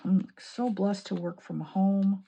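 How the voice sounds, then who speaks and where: A woman from Illinois chatting excitedly while decorating her planner, laughing often. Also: mid-range voice, slow pace, creaky, slightly rough. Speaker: planning vlogger. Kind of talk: chatty crafting vlog.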